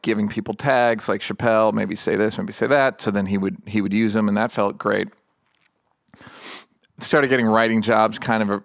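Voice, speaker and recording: A middle-aged man, a comedian talking candidly in an interview, rambling and halting with self-deprecating asides. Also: lowish voice, a bit bright, no room sound, clean studio sound.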